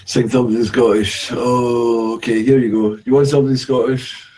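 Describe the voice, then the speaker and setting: A man's voice: medium pitch, little pitch movement, normal speed, warm tone. Crude, joking man on a livestream. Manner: crude, profane joking banter. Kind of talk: casual livestream chat.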